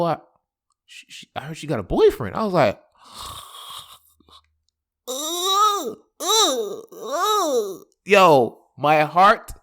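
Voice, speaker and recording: Guy telling a storytime, super lively voice, jumps way up quoting people, laughs a bunch. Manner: animated, jumps high when quoting others, laughs often. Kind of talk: casual storytime monologue.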